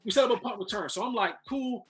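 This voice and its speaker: A man's voice: extremely high pitch, quick pace, music in the background. A man, a former football player, telling a long story as a guest in casual chat, restarting and repeating words as he goes.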